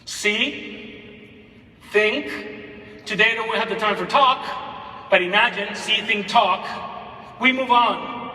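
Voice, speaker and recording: A man giving a conference keynote on teaching, talking in an animated way and repeating phrases for emphasis. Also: high voice, takes it slowly, pauses often. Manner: animated, dramatic read-aloud with repeated phrases. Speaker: keynote speaker. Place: large hall. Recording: echoey hall from far off.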